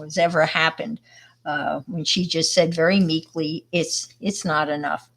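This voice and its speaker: A woman from Long Island, New York, presenting an art live stream. She tells a story and demonstrates casually, rambling and speaking to viewers as she works. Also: on the low side. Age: older.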